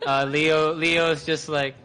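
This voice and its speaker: A man playing a tabletop game, narrating his character's actions in a laughing, halting way. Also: fairly high pitch, little pitch movement, over music. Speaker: player. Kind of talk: casual tabletop play.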